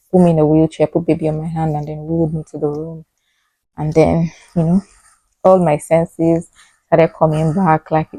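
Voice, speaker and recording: A young woman with a Nigerian accent, chatting casually as she tells a vlog story with lively, animated asides. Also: low-pitched, no echo, poor audio. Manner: chatty, animated retelling with frequent fillers. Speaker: vlogger telling her birth story.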